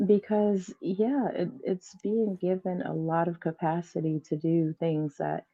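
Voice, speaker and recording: A woman guest on a casual panel chat, speaking in a measured, thoughtful way with dry humor. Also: on the low side, flat delivery, mellow, dull audio.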